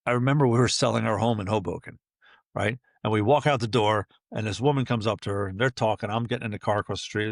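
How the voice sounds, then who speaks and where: Fast-talking, gravelly chatty man. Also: mid-range voice, no room sound, clean studio sound. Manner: chatty, animated storyteller acting out dialogue. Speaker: podcast guest, entrepreneur. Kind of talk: casual interview talk.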